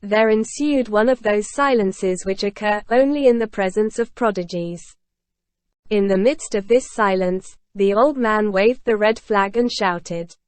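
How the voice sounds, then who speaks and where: A woman narrating a classic novel in a steady, measured reading voice. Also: mid-range voice, dry recording. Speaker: audiobook reader. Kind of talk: scripted narration.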